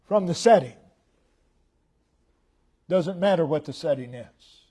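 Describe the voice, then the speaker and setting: An American man delivers a sermon slowly and emphatically, his voice sitting high. He repeats short phrases and swings between loud declarations and hushed tones.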